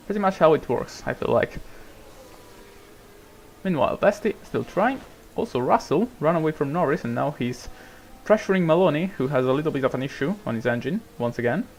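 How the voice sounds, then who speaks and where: A man's voice: on the high side, expressive, a little fast, a little hiss or hum. Swearing casual gaming commentator man. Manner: swears a lot, rambling, bursts into shouting at drivers. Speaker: gamer commentating a racing management game. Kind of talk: casual let's-play commentary.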